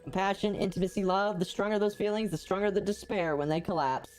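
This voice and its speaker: A woman's voice: medium pitch, fairly even intonation, fast talker, darkish tone, soft background music. A woman streamer playing a story game, reading the characters' lines aloud and cutting in with joking asides. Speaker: gaming streamer.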